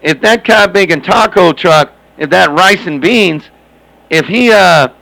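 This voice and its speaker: A man's voice: high voice, expressive, a little slow, gravelly, pushed and bright, rough recording. A man chatting and joking over CB radio, repeating himself and calling out to other operators by handle. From Southern California.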